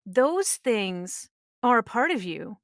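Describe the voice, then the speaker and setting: A middle-aged woman speaks as a guest on a podcast with earnest conviction, pressing her points with emphasis. Her voice is smooth and resonant. The sound is close and dry. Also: on the high side, sing-song, slow pace, fairly bright tone, dry recording. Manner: earnest, emphatic advice-giving. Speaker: voice actress guest. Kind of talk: conversational interview. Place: podcast studio.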